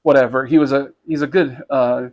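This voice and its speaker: Man, podcast co-host, casual storytelling, gravelly voice, slightly high pitch, rambling with fillers. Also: dull audio. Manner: rambling, halting with many fillers, animated when quoting others.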